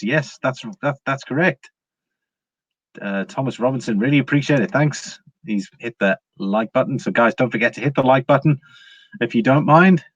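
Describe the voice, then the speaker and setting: A man's voice: mid-range voice, no echo. Casting note: English male livestream host, easygoing chatter with plenty of ums and laughs, dry room and slightly muffled home mic. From England. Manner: chatty, greets viewers by name, frequent fillers and laughs. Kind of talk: casual live-chat market commentary.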